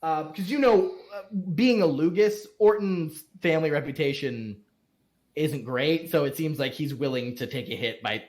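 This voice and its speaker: A man's voice: on the high side, moderate pace, a little mellow, echoey room. A man narrating as game master in a tabletop game, rambling with fillers and laughing along.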